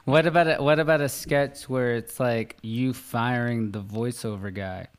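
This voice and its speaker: A man's voice: mid-range voice, a little slow, clean tone. A man cohosting a podcast in casual chat, enthusiastic and encouraging, rambling with praise for others' ideas. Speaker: podcast host.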